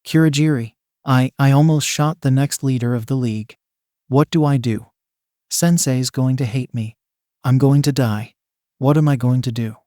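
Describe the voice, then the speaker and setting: A man's voice: mid-range voice, moderate pace, mellow, dry recording, studio quality, natural voice. A man reading the lines of a flustered young girl who stammers and pleads in panic. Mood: panicked.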